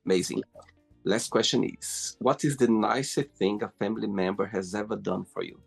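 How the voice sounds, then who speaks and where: A male host with a noticeably gravelly, fry-heavy voice puts his questions haltingly, circling back to rephrase them again and again. Faint music plays underneath. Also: lowish voice, fairly even intonation. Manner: halting, repeats and rephrases, non-native grammar. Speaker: show host. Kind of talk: interview questions.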